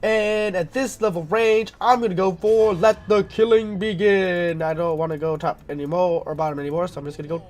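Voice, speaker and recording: A man commentating his own gameplay in a casual, rambling way, full of fillers and throat-clearing because he is sick. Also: high voice, steady tone, brisk, hardly any pauses, a little mellow. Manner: rambling, filler-heavy, thinking aloud.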